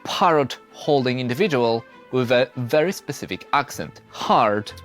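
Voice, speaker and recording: A man giving scripted narration for an explainer video, in a steady explanatory tone. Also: mid-range voice, measured pace, faint music behind.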